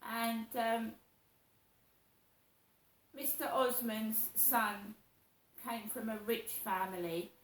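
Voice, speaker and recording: A middle-aged woman talks slowly and at length, circling back over the same grievances. Her voice sits fairly high and carries a roomy echo. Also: steady tone. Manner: slow, repetitive, aggrieved storytelling. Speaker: vlogger. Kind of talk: personal monologue.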